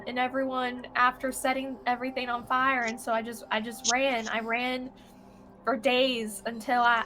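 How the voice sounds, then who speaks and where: A woman's voice: high voice, sharp tone, exaggerated voice. A woman playing a timid, rambling young sister. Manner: rambling, halting, nervous. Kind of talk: in-character tabletop role-play.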